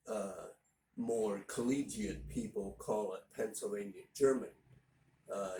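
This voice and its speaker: A man from northern Indiana giving a casual spoken language lesson, unhurried and explanatory, with frequent pauses to think. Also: lowish voice, darkish tone, reverberant, a little hiss or hum, low-quality recording. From northern Indiana, USA. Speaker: language teacher.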